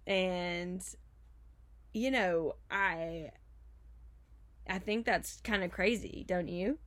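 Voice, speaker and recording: A woman casually making up a story out loud with a friend, chatty and full of fillers, prone to giggling. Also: lowish voice, very slow.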